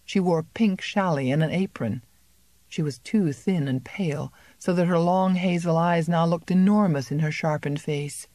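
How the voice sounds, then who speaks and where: A woman's voice: lowish voice, normal speed, dark tone, dry recording. Woman reading a novel, dry and close. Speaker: audiobook narrator. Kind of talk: scripted narration.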